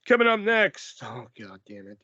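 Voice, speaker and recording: A man's voice: on the high side, very animated, normal speed, pushed and bright, no echo, highs cut off. A man co-hosting a podcast in casual chat, sarcastic and profane, often laughing. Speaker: podcast co-host.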